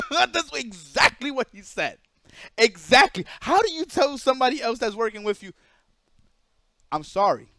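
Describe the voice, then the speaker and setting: A man streaming live, telling a story in an animated way, emphatic and profane and repeating himself for emphasis. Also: very high-pitched, normal speed.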